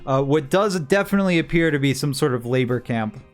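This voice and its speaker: A man's voice: medium pitch, fairly quick, soft background music. Man narrating as a game master. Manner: relaxed narration with many "uh" fillers.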